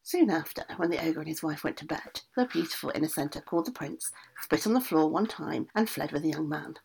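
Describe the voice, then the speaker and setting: A woman storyteller reading a fairy tale with a lively, up-and-down delivery and a husky, breathy grain. She slips in casual asides between the scripted lines. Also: deep voice, a little fast.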